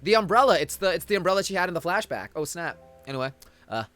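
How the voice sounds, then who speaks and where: A man's voice: sits high, very animated, quick pace, bright, forceful tone, dry recording, faint music behind. A young man streaming a video game, chatting casually and rambling in a joking way while reading the game's dialogue aloud. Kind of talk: casual live-stream commentary.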